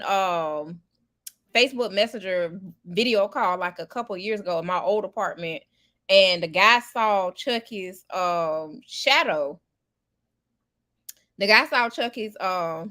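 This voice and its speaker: A woman telling funny stories in a casual podcast chat, animated and quick. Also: mid-range voice. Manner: animated storyteller, quick bursts. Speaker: podcast co-host.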